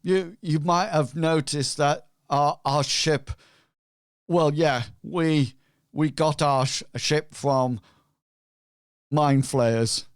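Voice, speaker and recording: A man's voice: fairly even intonation, drawn-out words, smooth, no room sound, clean studio sound. A man voicing a small nervous male gnome crewman who stammers. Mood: rambling. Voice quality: high stammering voice.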